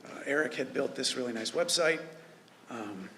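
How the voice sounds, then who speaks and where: A man who runs a news website speaking at a memorial service, halting with many filler pauses. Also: medium pitch, animated, bright, forceful tone, a little hiss or hum. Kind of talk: memorial tribute speech. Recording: reverberant hall with faint ambience.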